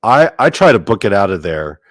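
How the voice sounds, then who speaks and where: Male host, lowish voice, loose rambling delivery with swearing, dry close mic. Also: big pitch swings, brisk, no room sound. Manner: rambling, filler-heavy, swears freely. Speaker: podcast host. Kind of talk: casual storytelling.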